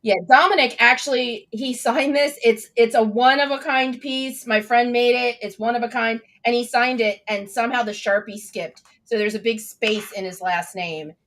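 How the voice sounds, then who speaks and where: A woman's voice: a little high, steady tone, moderate pace, few pauses, a bit bright. A young adult woman hosting a casual livestream chat, bubbly and enthusiastic as she reads out viewer comments. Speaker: host.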